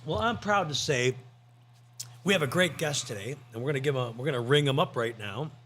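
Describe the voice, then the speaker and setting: A man's voice: mid-range voice, expressive, a little fast, fairly bright tone, slight background noise. A man co-hosting a podcast, telling rambling, joking stories in casual chat. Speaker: podcast co-host.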